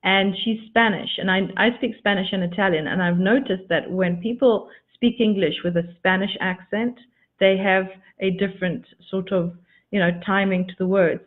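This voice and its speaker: A woman coach teaches in an expressive way, leaning hard on repeated words and calling her listeners darlings. Her voice sits at an ordinary middle pitch. The audio is thin and tinny, like a phone line. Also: normal speed. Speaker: spiritual coach. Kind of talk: motivational teaching talk.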